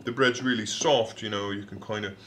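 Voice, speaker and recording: A man with a put-on London accent, casually talking through a recipe he is cooking, rambling and playful with many pauses and ums. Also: lowish voice, steady tone, reverberant, very noisy.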